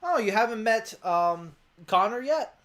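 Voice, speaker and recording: A weary lab scientist with a fairly high voice, sighing through his words as if the work never ends, as a game master puts him on. He speaks in a dry, worn-out tone. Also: animated, measured pace, fairly bright tone.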